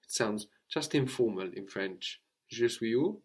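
A man teaching French to a student, explaining slowly and repeating phrases for her to copy. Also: fairly low pitch, lively intonation, breathy edge. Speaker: language teacher.

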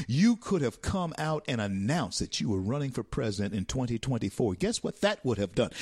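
Animated American preacherly talk host. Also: male voice, mid-range voice, slightly rough, no room sound, studio quality. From United States. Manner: animated, preacherly, repeats phrases. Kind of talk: talk show monologue.

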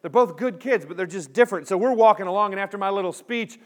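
A man giving a storytelling sermon to students in front of a live audience, acting out voices and turning quiet and earnest toward the close. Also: high-pitched, fast. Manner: animated storyteller who acts out voices.

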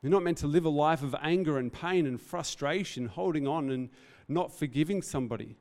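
An earnest man preaches, his voice sitting a little high for a man. He talks in a reflective, heartfelt way and speaks off the cuff. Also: brisk, darkish tone, big-room sound. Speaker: pastor. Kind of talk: sermon.

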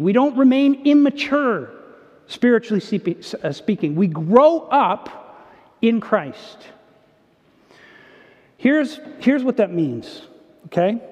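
A man preaching a sermon as pastor, earnest, moving between emphatic and hushed delivery. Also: very high-pitched. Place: church sanctuary. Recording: dull sound with long church reverb.

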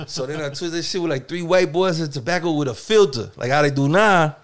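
A man's voice: high-pitched, a little fast. A man who grew up in Germany, telling stories in casual podcast chat, swearing freely in street slang and acting out what other people said. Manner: profane street slang, animated, acts out other people's lines.

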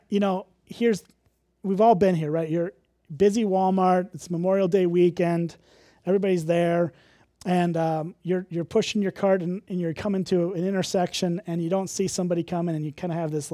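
A man's voice: high voice, dark tone, no echo, studio quality. A man from Illinois preaching a sermon, candid and conversational, with self-deprecating humor. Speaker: pastor.

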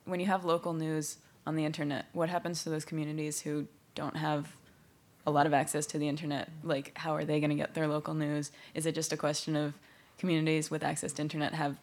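A woman from the audience asking a question at a panel, speaking softly and hesitantly. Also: sits low, little pitch movement, fast talker. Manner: hesitant, soft, tentative.

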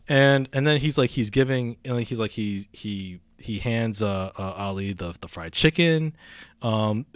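A man's voice: fairly low pitch, lively intonation, measured pace, clear, resonant tone, no echo. A man casually reviewing a film on a podcast, rambling with many fillers and restarts. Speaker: movie reviewer.

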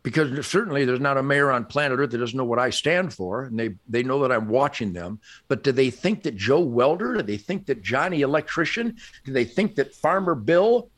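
A man's voice: medium pitch, lively intonation, brisk, hardly any pauses, fairly bright tone. An older man, a podcast guest, telling stories in an emphatic, boastful way and laughing often. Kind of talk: animated storytelling in conversation.

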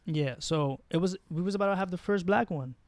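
Young New guy, heated podcast co-host, higher voice, dry close sound, slangy and blunt. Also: a little fast, dry recording. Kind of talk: casual podcast chat.

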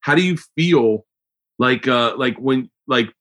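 A man's voice: mid-range voice, slow pace, fairly bright tone. A man hosting a podcast in casual chat, rambling and swearing, with many restarts. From United States. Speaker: podcast host.

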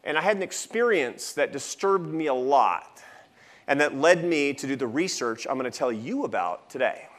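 A man's voice: medium pitch, expressive, normal speed, fairly bright tone. A man in his fifties giving a lecture at a festival, telling a personal story with jokey asides. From United States. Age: 50s.

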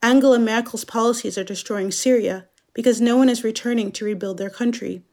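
A woman with a fairly high voice delivers a scripted dramatic monologue. She speaks slowly and in a measured, introspective way. She is from Germany. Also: fairly even intonation, a little mellow. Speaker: narrator.

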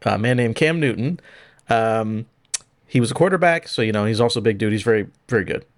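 A man's voice: lowish voice, lively intonation, fairly quick, no echo, clean studio sound. A man co-hosting a casual gaming podcast, telling stories in a laid-back way and swearing freely. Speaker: podcast co-host.

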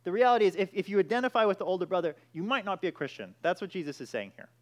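A man's voice: high-pitched, animated, very fast. A man preaching a sermon, emphatic, with frequent restarts and repeated "all right".

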